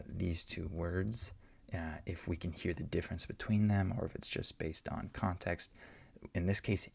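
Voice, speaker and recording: A deep-voiced man explains English pronunciation to learners, patiently repeating example words so each sound can be heard. His voice is heavily gravelly with a husky edge. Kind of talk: explaining answers to learner questions.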